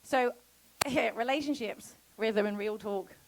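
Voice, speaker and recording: A woman giving a casual festival talk about homesteading, chatty and quick to laugh, acting out quoted conversations. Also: on the high side, vocal fry, noisy background. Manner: chatty, laughs often, acts out quoted exchanges. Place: festival talk before an audience.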